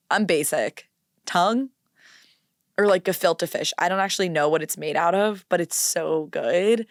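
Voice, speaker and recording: Twenties woman rambling on her podcast, low voice, dry close mic, dramatic and jokey. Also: dry recording. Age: 20s. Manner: chatty, dramatic, self-mocking. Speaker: podcast host. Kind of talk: casual solo podcast chat.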